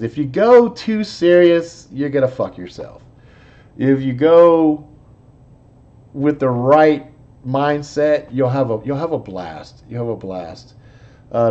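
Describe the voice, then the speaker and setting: A man's voice: on the high side, warm tone, dull audio. A man hosting a live show, chatting casually in a profane, rambling, laid-back way. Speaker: host. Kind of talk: casual chat, movie talk.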